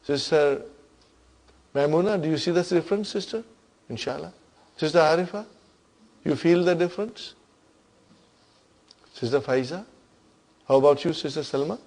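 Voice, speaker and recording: A man's voice: on the high side, moderate pace, pauses often, a little mellow. A man teaching an Arabic grammar class, patiently explaining terms and often checking that his students follow.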